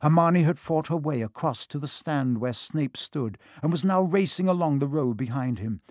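A man narrating a children's storybook in a steady, expressive reading. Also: fairly high pitch, normal speed, no echo, studio quality. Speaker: audiobook reader.

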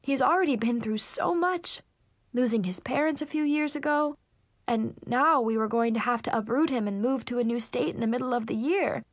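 A woman's voice: a little high, normal speed, no echo, clean studio sound, natural voice. A woman doing a gushing older shelter lady. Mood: grateful. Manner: gushing, grateful, tearful. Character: kindly older woman running an animal shelter, emotional.

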